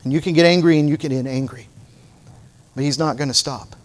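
A man's voice: fairly high pitch, fairly even intonation, fairly quick. A middle-aged man with a slightly raised voice delivers a sermon. He tells everyday stories in a playful, folksy way, then presses his point with fervent preaching. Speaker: pastor.

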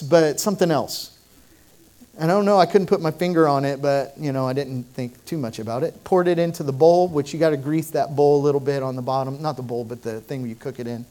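A man's voice: on the high side, a little mellow. A man leading a prayer and then telling a humorous personal story in a sermon. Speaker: pastor.

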